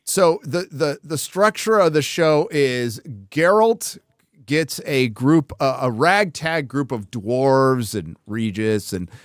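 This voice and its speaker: A man's voice: medium pitch, expressive, slow pace, no echo. Rambling male podcast host, dry sound. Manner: rambling, restarts often. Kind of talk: casual panel chat.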